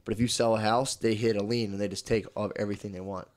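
A man's voice: on the low side, fairly even intonation, fast talker, darkish tone. A young man co-hosting a casual podcast, telling a long story with lots of swearing and playing out both sides of phone calls. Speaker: podcast co-host. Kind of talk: casual chat.

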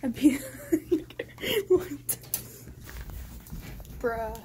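A young woman vlogging from a clinic, excitable and giggly, talking casually to her viewers. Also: high-pitched, very slow, very noisy. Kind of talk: casual vlog chat.

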